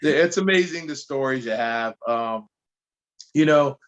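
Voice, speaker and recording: A chatty New Jersey man, a podcast guest and anti-drug speaker, tells stories casually. He's animated, with stumbling restarts, a mid-range voice and a measured pace, on a muffled recording.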